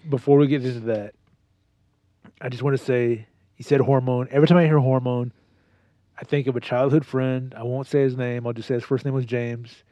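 A man's voice: mid-range voice, steady tone, a little fast, warm tone, no room sound. A man co-hosting a casual chat, rambling through stories and jokes. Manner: rambling, joking, storytelling.

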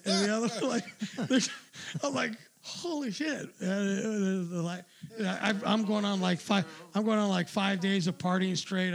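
A middle-aged man telling a long, rambling anecdote in casual chat, swearing freely and laughing at his own story. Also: high-pitched. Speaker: storyteller on a talk show.

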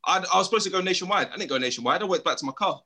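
A young man hosting a casual podcast chat, slangy and animated, telling stories with lots of laughter. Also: high voice, racing, a little hiss or hum. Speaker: podcast host.

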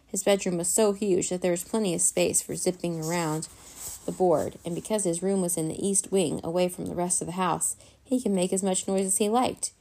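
Gravelly low-voiced woman reading a children's story. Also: fairly even intonation, brisk, mellow. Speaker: storybook reader. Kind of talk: children's story read-aloud.

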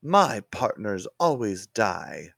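A man playing a world-weary detective who grumbles in a lower voice. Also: sing-song, slow, vocal fry, fairly bright tone, dry recording, clean studio sound, full character voice. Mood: gruff. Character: gruff, world-weary mustached male detective.

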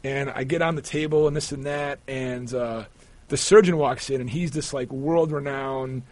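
A man being interviewed, telling a personal story in a rambling, animated way with many restarts. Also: medium pitch, normal speed, no echo. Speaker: guest, sportswriter.

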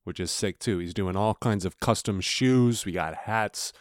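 A man's voice: on the low side, a little slow, dry recording, clean studio sound. A young man hosting a podcast, telling a casual, laughing story full of swearing. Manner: laughing, animated storytelling with profanity. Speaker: podcast host.

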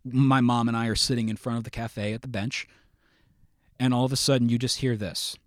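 This is a young adult man of middle pitch telling a story as a podcast guest. He is animated and self-mocking and acts out the lines of the people in it. The sound is dry and close, with no room echo. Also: brisk. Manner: lively, self-mocking storyteller acting out quotes.

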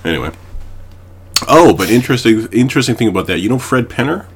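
Very animated and quick, a young man from Canada co-hosts a podcast in his mid-range voice, which has a breathy edge. He tells long, meandering stories loaded with fillers in casual conversation.

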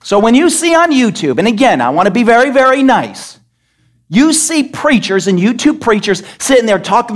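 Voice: medium pitch, very animated, moderate pace. A church pastor delivers a sermon in a voice that rises and falls widely. The delivery is emphatic, and he keeps throwing questions at the congregation to rally them. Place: church service.

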